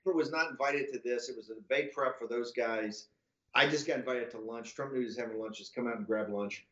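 A man's voice: medium pitch, fast talker, fairly bright tone. Male podcast guest, loose profane storyteller who acts out the other voices; muffled, echoey room sound. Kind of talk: casual anecdotal storytelling.

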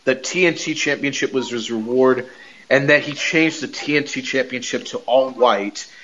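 A man in casual podcast chat, telling wrestling stories with lots of energy and the odd curse word. His voice sits at an ordinary pitch. The recording sounds a little dull and muffled. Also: moderate pace, a little hiss or hum. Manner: animated storyteller, swears and laughs mid-sentence. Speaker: podcast co-host.

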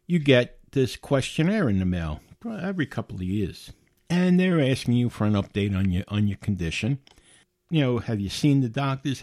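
A man's voice: medium pitch, dry recording, studio quality. A middle-aged man hosting a podcast, talking bluntly in a casual monologue and often repeating and restarting words. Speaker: podcast host.

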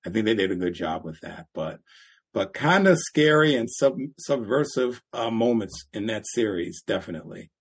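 A man's voice: lowish voice, normal speed, vocal fry, husky. A man co-hosting a podcast, telling stories in casual chat and acting out quotes with a laugh. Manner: animated storytelling, acts out quotes with laughs. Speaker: podcast co-host.

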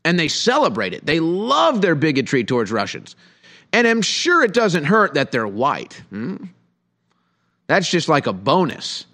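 High, bright-voiced male commentator. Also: wildly swooping pitch, a little slow. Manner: sarcastic, rhetorical questions, repeating for emphasis. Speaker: political commentator host. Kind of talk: heated political commentary.

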